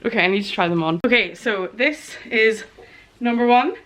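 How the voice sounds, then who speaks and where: A woman in her thirties chatting through a casual vlog as a small business owner, gushing and excitable with chatty asides. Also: on the high side, normal speed. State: out of breath in places. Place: home studio office.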